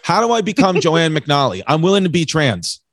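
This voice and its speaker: New York comic, dry close mic. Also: male voice, on the high side, very animated, a little fast, dry recording. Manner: rambling, repeats words, joking. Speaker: comedian, podcast host. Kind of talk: casual podcast chat.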